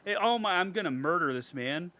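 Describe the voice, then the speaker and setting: High bright-voiced dude on a horror podcast, sarcastic and swearing a lot. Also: male voice, a little fast. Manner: animated, sarcastic, swears often. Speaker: podcast co-host reading horror movie reviews. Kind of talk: casual podcast chat.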